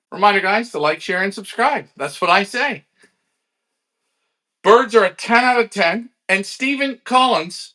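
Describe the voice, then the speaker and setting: A man hosting a live-streamed pigeon auction, energetic and salesy, talking straight to his viewers. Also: sits high. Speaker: livestream pigeon auction host.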